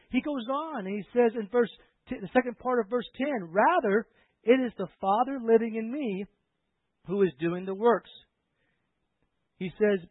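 A man preaching a sermon as pastor, swinging from loud impassioned preaching to quiet storytelling. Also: high-pitched, husky, dry recording. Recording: tinny phone-like sound, dry.

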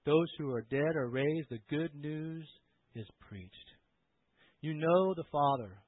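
Husky guy preaching hard, kinda high voice, tinny phone-ish sound. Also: lively intonation, takes it slowly, dry recording. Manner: impassioned, swinging from loud preaching to quiet storytelling. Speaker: pastor. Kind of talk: sermon.

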